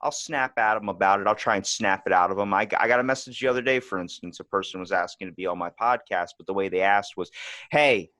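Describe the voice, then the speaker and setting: A man hosting a podcast, telling stories in a casual, animated way with frequent restarts. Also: deep voice, quick pace, hardly any pauses, dry recording. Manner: animated storyteller, restarts often. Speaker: podcast host. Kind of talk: casual conversation.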